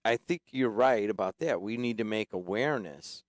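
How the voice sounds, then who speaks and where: A man's voice: lowish voice, expressive, normal speed, dry recording, studio quality. A man hosting a talk radio show, speaking in a jokey, conversational way. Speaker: radio host.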